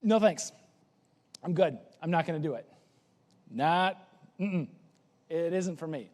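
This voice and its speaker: A man's voice: on the high side, takes it slowly, a little mellow, in a large hall, voice pushed down. A man preaching a sermon, voicing a cautious, clever man who politely refuses to sit in a chair. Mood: stubborn.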